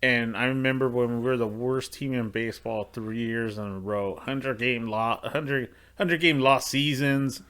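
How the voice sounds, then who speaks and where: A man's voice: medium pitch, steady tone, unhurried, hardly any pauses, fairly bright tone, clean tone. A man co-hosting a podcast, chatting casually about sports, often repeating words and correcting himself. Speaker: podcast co-host. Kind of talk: casual chat.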